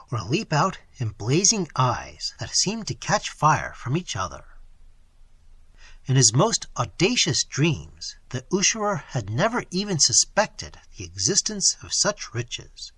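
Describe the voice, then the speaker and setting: A man reading a fantasy story aloud with an expressive, theatrical delivery. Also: mid-range voice, husky, dry recording.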